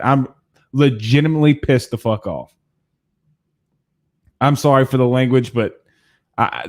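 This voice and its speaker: On a postgame sports show, a male host rants angrily, cursing heavily and sounding heated and exasperated. His voice is mid-range and a little mellow.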